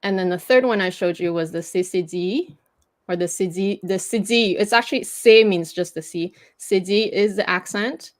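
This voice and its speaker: A woman's voice: mid-range voice, normal speed. A native French-speaking woman hosting a casual livestream, patiently explaining French pronunciation with frequent fillers and restarts. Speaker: host teaching French pronunciation.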